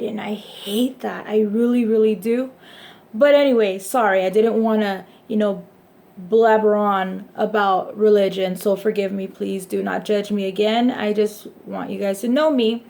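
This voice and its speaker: A woman's voice: mid-range voice, gravelly, darkish tone. A young woman chatting casually in a personal vlog, rambling and laughing often as she talks. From Hispanic background, raised in the US.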